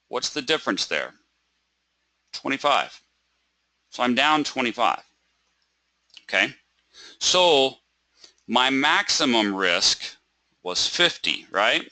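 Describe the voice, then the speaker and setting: A man's voice: mid-range voice, very animated, slow pace, pauses often, pushed and bright, dry recording. A man teaching a live webinar lesson. He asks rhetorical questions, checks in with "right?" and "okay?", and acts out a stressed trader by repeating words. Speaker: trading webinar instructor.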